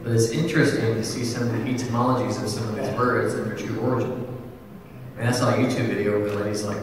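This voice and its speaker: A young adult man preaching a sermon in a casual, animated storytelling manner, full of asides. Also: lowish voice, quick pace, background noise. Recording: echoey hall, far from the mic.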